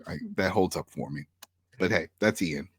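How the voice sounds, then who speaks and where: A man's voice: sits low, normal speed, breathy edge, dry recording. Joking man in a dry recap chat. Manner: joking asides, musing and hedging. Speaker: recap show co-host.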